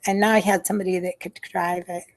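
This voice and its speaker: A lowish, level-toned female voice talks fast, with a little hiss or hum in the sound. The speaker, an older former nurse, recounts memories during a video-call interview, hesitantly, full of fillers and restarts, with quiet sighs.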